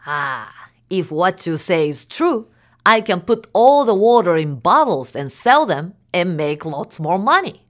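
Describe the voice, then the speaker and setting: A woman's voice: lowish voice, big pitch swings, measured pace, pitched below the performer's own voice. A woman voicing a greedy, scheming male neighbor in a told folk tale. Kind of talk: storybook telling.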